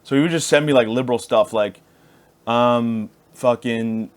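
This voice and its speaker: A man's voice: medium pitch, moderate pace, clear, resonant tone. A man in his thirties hosting a podcast, rambling through a crude, self-deprecating comedic monologue. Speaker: podcast host.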